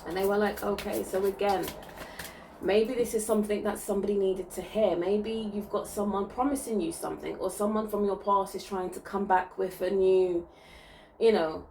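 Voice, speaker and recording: A woman's voice: mid-range voice, fairly even intonation, moderate pace, darkish tone, recorded from a distance, a little hiss or hum, poor audio. Soothing woman giving a spiritual reading. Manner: soothing, reassuring, frequent "okay?" check-ins. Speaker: spiritual reader. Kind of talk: intuitive reading to viewers.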